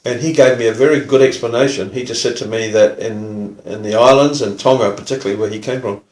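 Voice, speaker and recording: An older man with a New Zealand accent, a retired police officer telling stories in a relaxed, casual way. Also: mid-range voice, quick pace, echoey room. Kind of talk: casual storytelling.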